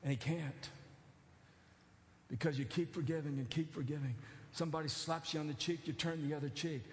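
A man preaching a sermon as pastor, animated, building to near-shouted emphasis with joking asides. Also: a little high, brisk, slight background noise. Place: church sanctuary. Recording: echoey church hall.

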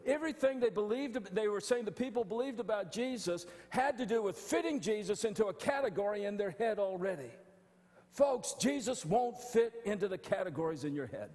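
A male pastor preaching an animated sermon, often restarting phrases. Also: high voice, fairly quick, long reverb tail. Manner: animated, stumbling restarts, acting out quotes. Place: church sanctuary.

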